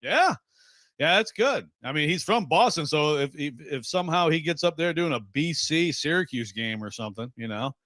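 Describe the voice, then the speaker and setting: A man's voice: on the high side, sing-song, fairly quick, fairly bright tone, no echo. A man from Western Michigan co-hosting sports radio, chatting in a rambling, jokey way. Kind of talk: casual radio banter.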